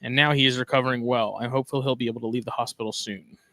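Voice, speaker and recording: A man's voice: mid-range voice, fairly even intonation, very fast, pushed and bright, no echo. A man co-hosting a casual podcast, talking in a laid-back, drawling way and reading news items aloud. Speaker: podcast co-host.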